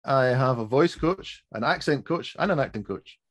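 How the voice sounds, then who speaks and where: A man being interviewed over a video call gives short, low-key replies. He speaks calmly and plainly about his work as a voice-over artist, in a voice of ordinary middle pitch. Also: normal speed. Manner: brief, low-key answers. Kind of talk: casual interview answers.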